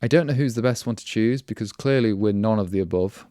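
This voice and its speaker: Low, mellow man rambling through live coding. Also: quick pace, no room sound, studio quality. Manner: rambling, self-interrupting, wry. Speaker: programming livestream host. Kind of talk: casual live coding chat.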